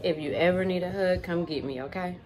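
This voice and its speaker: A woman's voice: lowish voice, a little fast, darkish tone. A woman vlogging casually to her viewers from a busy family holiday cookout, chatting as she films on her phone. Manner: chatty, keeps calling out to viewers. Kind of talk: casual vlog chat to viewers. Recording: crowd chatter behind.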